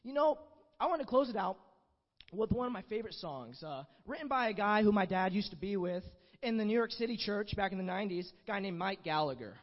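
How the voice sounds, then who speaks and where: Young male preacher, very high voice, earnest testimony style, dull recording in a reverberant hall. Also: expressive, a little fast. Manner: earnest, conversational, many "you know" asides. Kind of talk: sermon with personal testimony. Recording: dull, muffled sound with long hall reverb.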